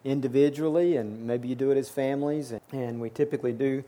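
A man's voice: mid-range voice, fairly even intonation, quick pace, dark tone. A man preaching a sermon to his church, earnest and repeating words as he builds his points. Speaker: pastor.

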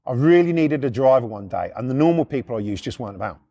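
A middle-aged man from the UK telling rough personal stories in a rambling, profane, lively way. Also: mid-range voice, quick pace. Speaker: storyteller. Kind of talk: casual anecdote.

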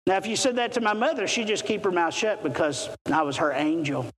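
A man preaching a sermon, stressing and repeating key words and swinging between soft passages and loud, ringing ones. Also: high-pitched, a little fast, a little hiss or hum. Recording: echoey hall with long reverb.

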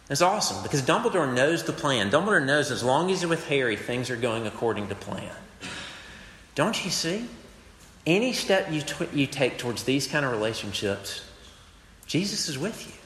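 A man's voice: medium pitch, a bit bright. Earnest man preaching in a hall. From Mississippi, US. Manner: earnest, conversational preaching with casual asides. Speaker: campus preacher. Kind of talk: sermon. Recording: echoey hall, faint background noise.

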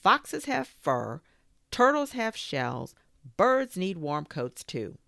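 A woman's voice: fairly low pitch, sing-song, slow pace, creaky, fairly bright tone, no room sound, clean studio sound, voice pushed up, full character voice. A woman voicing a grumbling male eagle in a storybook, with a raised, complaining tone.

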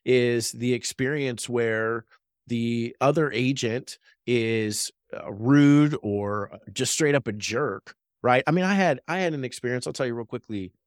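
A man's voice: medium pitch, measured pace, no echo. An earnest man in his thirties tells a workplace story in casual podcast chat. He often checks in with his listeners by asking "right?" His mid-range voice sounds dry and close to the mic. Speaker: real estate agent and podcast co-host. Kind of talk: casual faith-based business podcast chat.

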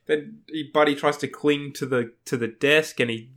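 A man's voice: fairly high pitch, fairly even intonation, normal speed, fairly bright tone. A man hosting a podcast, casually recapping an episode and acting out quotes as he rambles. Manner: rambling retelling with acted-out quotes. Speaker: podcast host.

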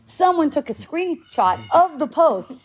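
A woman's voice: sits high, sing-song, a little slow. A woman in her fifties talking casually to a group, rambling with restarts, swearing freely and laughing often. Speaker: speaker in a group talk.

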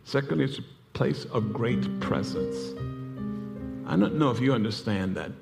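A man's voice: medium pitch, creaky. A man preaching a sermon in a church, telling stories with laughing asides and rising passion. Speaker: pastor. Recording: music playing behind.

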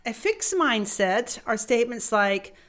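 A woman from the United States telling a personal story as a motivational speaker, animated and vivid, laughing as she goes. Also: on the high side, unhurried. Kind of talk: storytelling talk.

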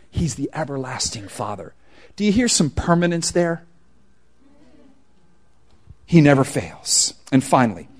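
A male pastor delivering a sermon in a relaxed, conversational way, with casual slang. His voice sits fairly high and moves a great deal, dropping to near whispers before rising again for emphasis. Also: breathy edge. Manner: animated, swings from hushed to loud emphasis.

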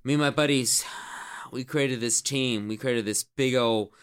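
A man's voice: mid-range voice, a little slow, smooth, voice pushed down, lightly acted. A man voicing a brash, crude male jock team captain who rambles boastfully and swears constantly. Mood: swaggering rant. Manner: swaggering, profane, rambling storyteller.

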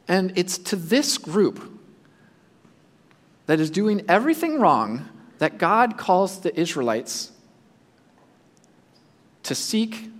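A man preaching a sermon, speaking in an animated way and acting out the imagined voices of his listeners. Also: high-pitched, takes it slowly, long pauses, in a large hall. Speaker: pastor.

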